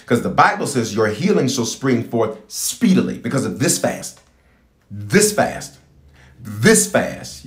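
A man's voice: mid-range voice, takes it slowly, roomy sound. A man preaching a livestreamed prayer sermon, repeating phrases and calling on listeners to say things back. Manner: animated, repetitive call-and-response preaching. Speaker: bishop preaching.

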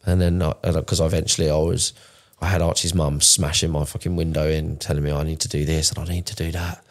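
A man's voice: very deep voice, level tone, fast. A man, telling his own story in a candid, emotional podcast chat, swearing often and restarting his sentences. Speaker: podcast co-host.

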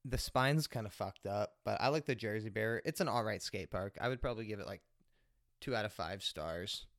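A man's voice: lowish voice, fairly quick, a bit bright, no echo, clean studio sound. A man hosting a homemade podcast, telling a casual story in a rambling way, full of fillers and swearing. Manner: rambling, heavy swearing, lots of filler words. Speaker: podcast host.

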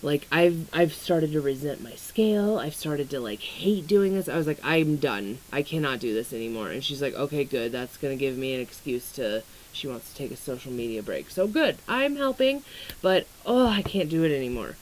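Low-pitched and animated with a darkish tone, a young woman talks at a moderate pace in a casual vlog about weight struggles and astrology; the recording is low quality. As an astrology content creator she rambles candidly, swears freely, and fills her speech with "like" and "um."

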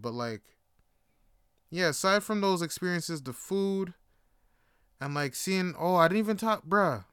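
A man's voice: a little high, a bit bright, clear, resonant tone, no echo, clean studio sound. A man hosting a podcast, telling stories casually and animatedly, swearing freely and repeating words as he goes. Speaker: podcast host. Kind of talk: casual storytelling.

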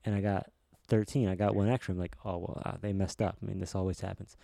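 A man's voice: low-pitched, flat delivery, fast talker, creaky, mellow, no room sound, studio quality. A man hosting a casual comedy podcast, telling a long rambling joke with lots of restarts. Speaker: podcast host.

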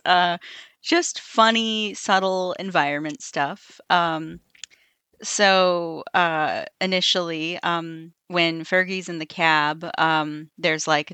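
A woman's voice: on the low side, pushed and bright, smooth, dry recording. A woman playing as a contestant on a movie review game, speaking casually and hesitantly with many fillers. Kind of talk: casual chat.

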